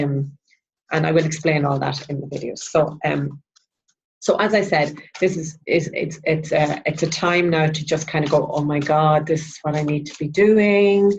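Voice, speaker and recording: A woman, a spiritual mentor, talking through a weekly card reading in a chatty, rambling way with many restarts. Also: low-pitched. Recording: dull lo-fi sound.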